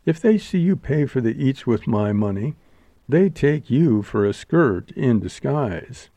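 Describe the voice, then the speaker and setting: A man's voice: medium pitch, lively intonation, unhurried, dark tone, no room sound. A man voicing a languid, wisecracking young showgirl in an audiobook, with a drawling purr. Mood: teasing. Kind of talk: audiobook character voice.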